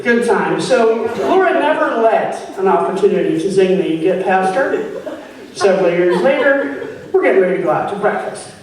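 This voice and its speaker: A woman's voice: mid-range voice, moderate pace, a crowd in the background. A woman in her forties performing a stand-up comedy set, telling stories and acting out quoted lines. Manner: animated storytelling, acts out quotes. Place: stage at a live showcase. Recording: echoey room from far off with noise.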